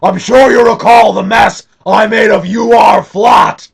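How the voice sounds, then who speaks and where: A man voicing a melodramatic villainous mastermind in a fan parody, shouting and breaking character to complain, with a raspy gravelly voice. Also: high voice, fairly even intonation, a little slow, heavily acted. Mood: ranting villain. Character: ranting villainous mastermind, adult male. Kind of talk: fan parody audio drama.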